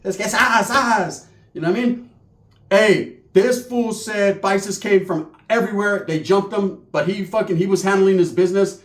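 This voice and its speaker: A man telling a rowdy, profane story in a casual, animated way, tagging his lines with "right?". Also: high-pitched, moderate pace. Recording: echoey room.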